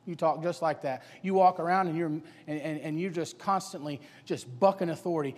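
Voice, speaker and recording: High-voiced preacher in an echoing hall. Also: male voice, steady tone, brisk, hardly any pauses, darkish tone. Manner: emphatic, rhetorical questions, colloquial. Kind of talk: sermon to young people. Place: church sanctuary. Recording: long church hall reverb.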